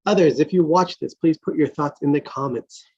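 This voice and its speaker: A man hosting a casual online script-reading session and prompting the others in a relaxed way, heard over a video call. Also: fairly high pitch, normal speed, slightly rough, lo-fi sound. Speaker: host. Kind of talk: casual group chat.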